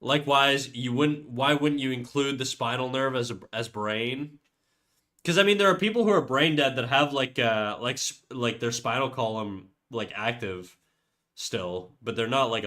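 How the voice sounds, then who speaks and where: A young man with a medium-pitched, fairly bright voice chats casually on a livestream. He rambles and swears with his viewers, sounding stuffed up from a cold.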